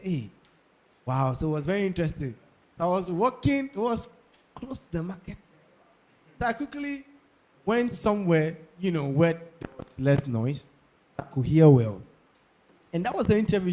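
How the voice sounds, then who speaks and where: A young man with a Ghanaian English accent talks to an audience about careers. His voice sits somewhat high, and he leans on repetition and quick checks with his listeners. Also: very animated, darkish tone. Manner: emphatic, repeats key points, checks in with listeners. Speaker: speaker giving career advice. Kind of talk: talk to an audience.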